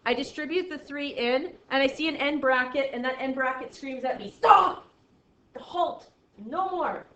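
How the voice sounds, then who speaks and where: A woman's voice: high-pitched, fairly even intonation, a little fast, hardly any pauses, a bit bright. A woman teaching a math class in a classroom, playful and jokey, with exaggerated asides. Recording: echoey classroom, dull lo-fi sound.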